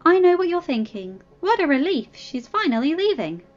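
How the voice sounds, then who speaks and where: A woman's voice: high-pitched, big pitch swings, moderate pace, lo-fi sound, soft background music, pitched above the performer's own voice. A woman voicing a bubbly, upbeat young female troll princess in a cheerful, sing-song manner.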